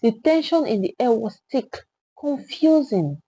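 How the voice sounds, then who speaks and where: Dramatic woman storyteller, high voice. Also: lively intonation, a little slow, warm tone, slightly rough, low-quality recording. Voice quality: emphatic, dramatic.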